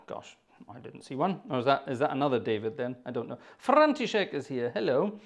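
This man runs a livestreamed organ concert and chats casually with viewers, calling them by name, cracking jokes, and making self-mocking asides. His medium-pitched voice is animated and brisk, with vocal fry.

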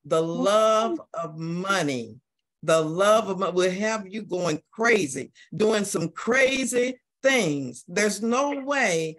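A woman teaching an adult Sunday school class, telling a story in a lively way with many repeated words. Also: mid-range voice, takes it slowly.

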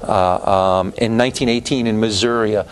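A man giving a university history lecture, growing animated and climbing in pitch when indignant, with frequent restarts. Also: normal speed. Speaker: history professor.

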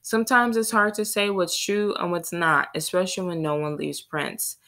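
A woman reading the part of a nervous male librarian who talks in an anxious, hushed whisper. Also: lowish voice, steady tone, normal speed. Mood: eager.

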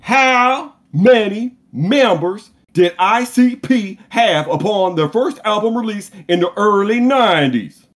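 A man's voice: high voice, expressive, slow, hardly any pauses. A man hosting a quiz game on a comedy podcast, crude, giggly and self-mocking. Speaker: host running a quiz game. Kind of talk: loose comedic podcast banter.

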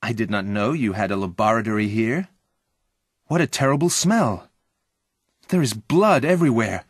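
A man's voice: fairly low pitch, normal speed, husky, no echo, studio quality. A man reading a story and voicing a young man who is shocked and questions his friend. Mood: alarmed. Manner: alarmed and questioning.

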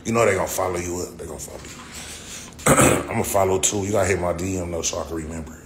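Speaking very fast in a deep, steady voice, a livestream host in his forties launches into a profanity-laden casual rant, replying to his chat. The room is echoey with faint background noise.

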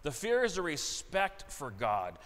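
A man's voice: a little high, wildly swooping pitch, unhurried, fairly bright tone. A middle-aged male pastor preaching a sermon in a church, earnest and repeating key phrases for emphasis. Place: church sanctuary. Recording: long church reverb.

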